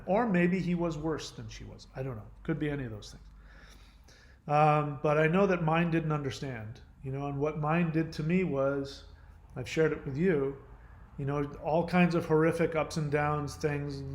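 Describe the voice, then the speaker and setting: Brief: a channel host with a somewhat high voice, telling a personal story in an emotional, rambling way. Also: male voice, a little mellow. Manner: rambling, emotional, many fillers and restarts.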